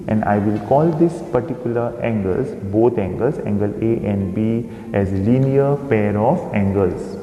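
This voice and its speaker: A man teaching a recorded maths lesson, explaining slowly and pointing out figures on screen. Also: medium pitch, mellow, highs cut off. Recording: echoey room with long reverb.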